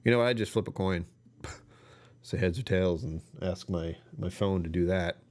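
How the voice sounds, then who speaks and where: Rambling and chatty, a young livestream host keeps amusing himself as he talks casually on his own stream. He speaks in a low, darkish voice at a moderate pace.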